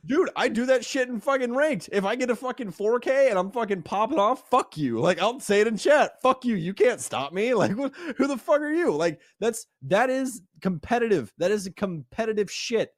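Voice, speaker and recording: A man's voice: very high-pitched, lively intonation, moderate pace, hardly any pauses, dry recording, studio quality. A man co-hosting a podcast, ranting emphatically with heavy swearing. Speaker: podcast co-host. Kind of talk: casual podcast chat.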